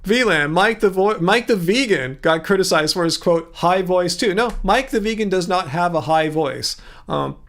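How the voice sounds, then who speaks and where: Laid-back southern california guy rambling on a livestream, kinda high voice, laughs a lot. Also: animated, moderate pace, a bit bright. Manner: chatty, rambling, laughs easily. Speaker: livestream host. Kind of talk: casual livestream chat.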